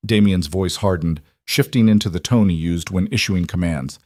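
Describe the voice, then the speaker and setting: A man narrating a romantic drama story in a measured, dramatic scripted reading. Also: low-pitched, darkish tone, no echo, studio quality.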